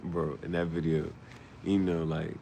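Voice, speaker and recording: A deep, gravelly man drawls through a joking, wandering monologue. He talks slowly and laughs often. The recording is noisy, with vehicle sounds behind him. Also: level tone, warm tone. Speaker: vlogger. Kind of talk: casual rambling monologue.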